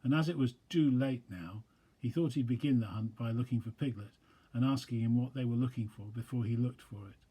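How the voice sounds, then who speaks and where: A man, a pastor, reading a children's storybook aloud with gentle, chatty asides to young listeners. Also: mid-range voice, a little fast, breathy edge.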